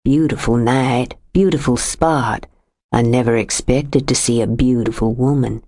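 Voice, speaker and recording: A woman's voice: fairly even intonation, warm tone, dry recording, studio quality, full character voice. A woman doing a syrupy, drawling creep of a man. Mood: menacing, syrupy. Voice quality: low, syrupy, exaggerated drawl. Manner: slow, sweet, menacing. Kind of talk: audiobook character reading.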